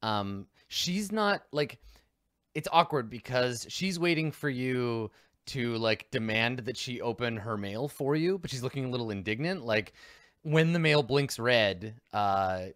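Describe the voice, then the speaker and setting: A man's voice: mid-range voice, animated, unhurried, a bit bright, dry recording, clean studio sound. A man narrating as game master of a tabletop role-playing game, rambling with lots of fillers.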